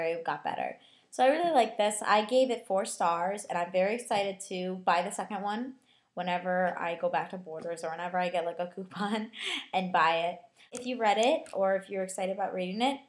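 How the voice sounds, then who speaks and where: A teenage girl giving a chatty, casual book review, full of fillers, who slips into mocking voices. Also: medium pitch.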